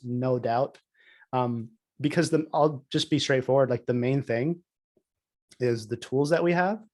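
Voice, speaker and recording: A man on a podcast, telling a personal story in casual chat, full of "like" fillers. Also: medium pitch. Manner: animated storytelling, many "like" fillers. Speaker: podcast co-host.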